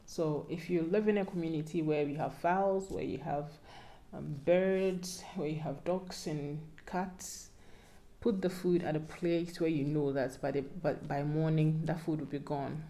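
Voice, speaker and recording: A vlogger, a young Ghanaian-accented woman with a low, mellow voice, offers her viewers casual advice. Her tone stays steady and her pace unhurried, and her playful, pleading delivery sometimes turns sermon-like.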